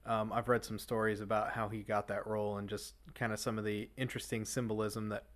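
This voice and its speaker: A man's voice: fairly low pitch, little pitch movement, a little fast. A man hosting a casual chat show, rambling with many fillers and restarts. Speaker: podcast host.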